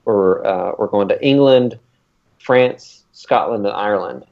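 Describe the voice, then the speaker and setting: A man with a fairly low voice chats casually as a podcast co-host. He rambles and keeps filling gaps with ums and uhs. The recording sounds dull and lo-fi. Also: unhurried. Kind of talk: casual chat.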